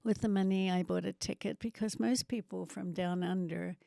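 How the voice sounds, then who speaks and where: Gravelly-voiced older woman from New Zealand. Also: fairly low pitch, steady tone, normal speed, mellow, dry recording. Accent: faint New Zealand. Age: 70s. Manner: chatty storyteller with self-mocking asides. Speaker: guest missionary. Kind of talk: testimony interview.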